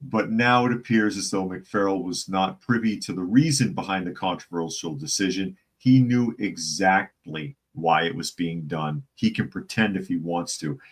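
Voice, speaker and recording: Brief: man, low deep voice, casual news host, chatty, reads articles aloud and greets the chat. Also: normal speed, few pauses, husky.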